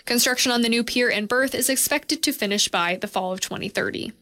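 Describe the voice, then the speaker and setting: A woman reading a local radio news report in a steady, clear newsreader manner. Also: a little high, a little fast.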